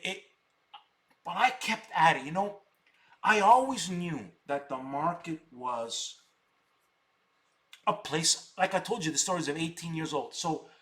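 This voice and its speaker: A man's voice: fairly high pitch, fairly bright tone. A middle-aged man hosting a live stock-trading stream, boasting and combative, repeating words for emphasis.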